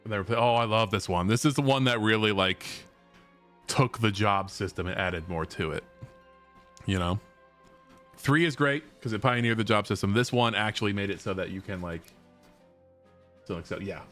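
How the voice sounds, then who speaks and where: A man's voice: fairly low pitch, moderate pace, long pauses, a bit bright, faint music behind. A man streaming a video game, chatting casually and joking with his viewers. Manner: chatty and joking, reads game text aloud. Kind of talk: casual let's-play chat.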